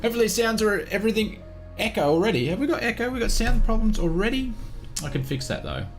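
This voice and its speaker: Upbeat Australian man, high voice. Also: sing-song, fast talker, faint music behind. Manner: upbeat, greeting chat viewers one by one. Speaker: flight sim streamer. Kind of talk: live-stream chat.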